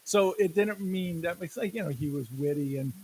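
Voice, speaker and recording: A man co-hosting a casual sports podcast, talking in animated, jokey rants and laughing often. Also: fairly high pitch, moderate pace, slight background noise, low-quality recording. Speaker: podcast co-host.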